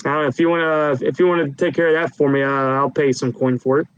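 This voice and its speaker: A man voicing a loud, blustering, heavyset male official who talks crudely in a tabletop game. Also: on the high side, fairly even intonation, fast, highs cut off, natural voice. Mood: grumbling. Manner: gruff, crude, talks loudly.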